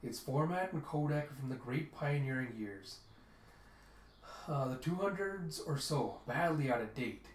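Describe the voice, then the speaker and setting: A cynical male hacker and thief who talks bluntly and with sarcasm, as a man reads him aloud. His voice is mid-pitched. It carries the echo of a roomy space, with faint noise behind it. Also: lively intonation, measured pace, natural voice.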